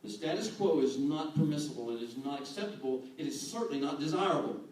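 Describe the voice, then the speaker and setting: A man giving an animated sermon as a guest speaker, acting out quoted voices. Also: a little high, fast talker. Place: church hall. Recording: echoey hall, distant mic, faint room noise.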